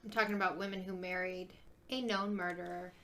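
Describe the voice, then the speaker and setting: A woman's voice: fairly low pitch, steady tone, brisk, a bit bright. A woman co-hosting a podcast in casual chat, laid-back and teasing, mostly giving short replies. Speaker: podcast co-host.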